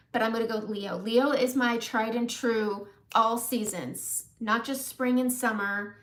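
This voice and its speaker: Casual female livestream host, gravelly edge, friendly shop-talk pace, greets the chat. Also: mid-range voice, fairly bright tone. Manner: chatty, greets viewers while applying makeup. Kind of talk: casual live makeup demo.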